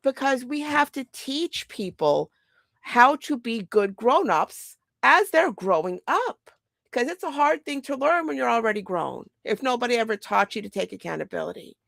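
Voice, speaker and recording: A middle-aged woman talks straight to the point in a blunt casual monologue. Her mid-pitched voice has a gravelly edge. The sound is close and dry with no room echo. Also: moderate pace. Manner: blunt, animated, quotes others in acted voices. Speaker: mother and podcast host.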